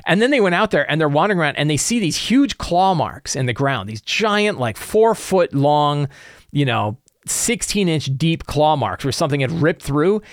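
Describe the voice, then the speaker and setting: A man casually sharing advice as a tabletop game master, animated and acting out his players' reactions. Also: fairly high pitch, moderate pace, dry recording, clean studio sound. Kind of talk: casual tips talk.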